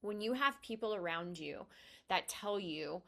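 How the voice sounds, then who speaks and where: Woman podcast host, earnest, emphatic, restarts sentences, mid-pitched voice. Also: animated, unhurried, vocal fry, bright, forceful tone. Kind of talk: conversational podcast interview.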